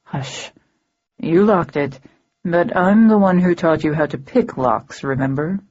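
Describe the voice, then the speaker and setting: A protective male mentor, voiced by a woman narrating the book, sharp and urgent, with a bossy edge. Her low, mellow voice barely shifts for him, and the recording sounds a bit dull and husky. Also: lively intonation, a little slow. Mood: hushing.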